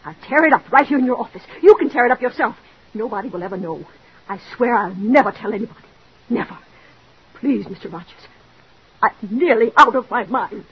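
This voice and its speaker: A desperate jealous wife. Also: female voice, a little high, expressive, a little fast, a little hiss or hum. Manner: pleading, overwrought, breathless. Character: desperate jealous married woman, Mrs. Bradley. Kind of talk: 1940s radio drama acting. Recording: dull old radio recording.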